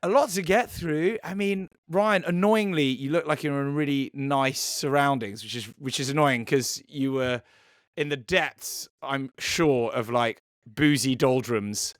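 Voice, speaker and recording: A man's voice: mid-range voice, measured pace, dry recording, clean studio sound. A man hosting a podcast, opening the episode in chatty, teasing casual talk. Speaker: podcast host. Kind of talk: casual chat.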